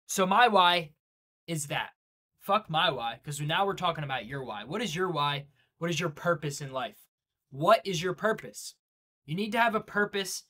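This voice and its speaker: A man's voice: a little high, bright, forceful tone. A young man giving a blunt, profane, slang-heavy motivational rant to his viewers. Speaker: day-trading vlogger.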